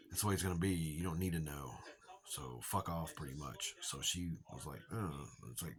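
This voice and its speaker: A man's voice: sits low, bright, forceful tone. A man with a Southern accent telling a rambling, profane story in a casual monologue, acting out what other people said. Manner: rambling, profane, acts out quoted voices.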